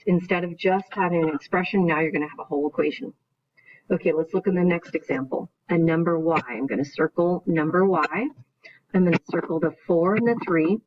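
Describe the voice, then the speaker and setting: A woman math teacher giving a recorded video lesson, explaining each step in order and often checking in with "right?". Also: lowish voice. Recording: dull lo-fi recording.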